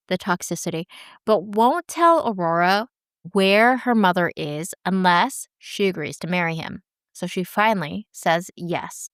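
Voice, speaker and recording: A woman's voice: mid-range voice, smooth, no echo, clean studio sound. A woman co-hosting a podcast, recapping a drama in casual chat with a wry, chatty manner. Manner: chatty, wry, laughs often. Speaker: podcast co-host.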